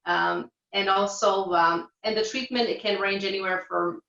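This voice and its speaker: A woman's voice: mid-range voice, moderate pace, vocal fry. A woman who works as a reflexologist, chatting casually as an interview guest and describing her work with plenty of fillers. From Portugal. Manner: relaxed, many fillers. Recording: roomy, dull sound.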